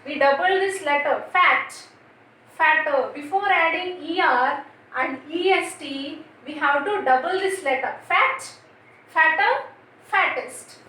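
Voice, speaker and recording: A bright, sharp-voiced female teacher from India leads a grammar lesson, slowly spelling words out letter by letter and quizzing the children on them. She was recorded from a distance in a booming, very echoey room with faint background noise.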